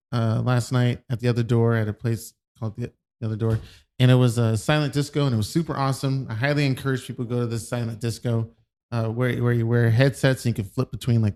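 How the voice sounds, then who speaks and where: A man's voice: medium pitch, dark tone, clean tone. A man chatting casually as a podcast co-host, rambling with frequent laughter. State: voice cracking.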